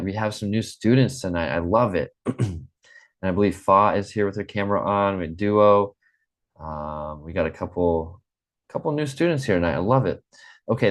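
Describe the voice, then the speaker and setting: A man from the American Midwest with a plain General American accent, teaching an online English class in an encouraging way, repeating phrases and often pausing with um. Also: deep voice. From Midwest United States.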